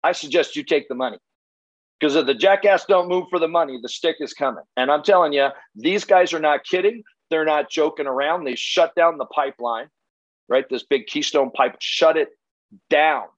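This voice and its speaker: Guy with a higher voice giving a blunt profane sales pep talk, dry dull audio. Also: moderate pace, dry recording. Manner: blunt, punchy, profane, rhetorical questions. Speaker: solar sales trainer.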